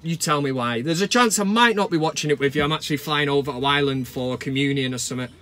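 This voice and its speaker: A man's voice: on the high side, fast, fairly bright tone. A man hosting a comic football fan vlog, swearing and mock-sentimental. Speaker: fan channel host. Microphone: camera mic.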